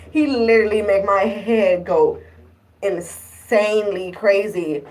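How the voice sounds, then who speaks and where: A woman's voice: mid-range voice, a little mellow. A woman in a casual vlog, retelling her relationship troubles in an exasperated, rambling way with lots of fillers. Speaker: vlogger. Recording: distant from the microphone.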